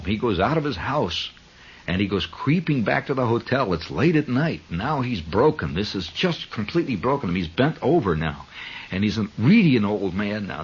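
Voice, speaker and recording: A man's voice: medium pitch, husky. A man hosting a 1970s radio show, telling a long story in a rambling monologue full of asides and restarts. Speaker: radio host. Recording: dull 1970s radio broadcast.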